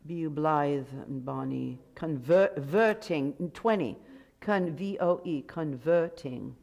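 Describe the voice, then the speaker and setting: An older woman directing a choir rehearsal, coaching briskly and warmly, sometimes singing lines to demonstrate. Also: sits low, vocal fry. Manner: brisk, encouraging, gives sung demonstrations. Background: choir and piano music.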